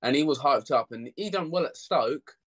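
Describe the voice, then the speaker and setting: Co-host, man, casual and teasing, mid-pitched. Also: animated, moderate pace, a bit bright. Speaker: podcast co-host. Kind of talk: casual football chat.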